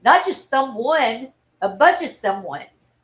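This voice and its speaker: A woman, telling a personal story in a halting, earnest and openly emotional way on a livestream. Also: high-pitched, sing-song, poor audio. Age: 40s. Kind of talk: candid personal livestream talk.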